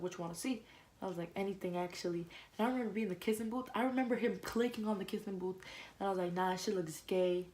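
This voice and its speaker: A young woman vlogger telling a casual storytime, fast and slangy, full of "like" and quoted back-and-forth. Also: lowish voice, warm tone, a little hiss or hum, low-quality recording.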